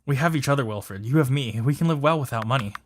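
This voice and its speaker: Gentle male lover read by a man, soft, coaxing, mid-pitched. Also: quick pace, noisy background, close to an everyday voice. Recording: music playing behind.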